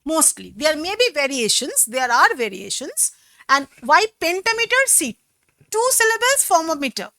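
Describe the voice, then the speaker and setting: A woman teacher with a Bengali accent talks slowly and patiently, spelling words out syllable by syllable. Her voice is high and bright, rising and falling a great deal. The recording is dry and close. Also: sing-song, no echo. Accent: Bengali-accented English. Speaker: English teacher. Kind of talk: classroom lesson explaining poetry.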